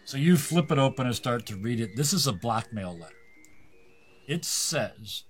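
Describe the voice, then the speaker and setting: A man's voice: mid-range voice, very animated, moderate pace, faint music behind. Laughing man running a tabletop game. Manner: laughs often, loose improvised narration. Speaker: game master.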